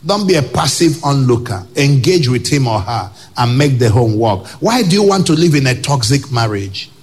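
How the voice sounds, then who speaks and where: Male Nigerian preacher, lively swooping delivery, emphatic, pidgin asides, church sermon. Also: medium pitch, normal speed, slightly rough. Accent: Nigerian English. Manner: emphatic, with loud rhetorical questions and pidgin asides. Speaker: pastor.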